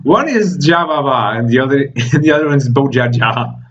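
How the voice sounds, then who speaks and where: A man's voice: mid-range voice, expressive, normal speed, fairly bright tone, dull audio. A man reading comic dialogue aloud and reacting to it, breaking off with exclamations and laughs. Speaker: manga reaction host.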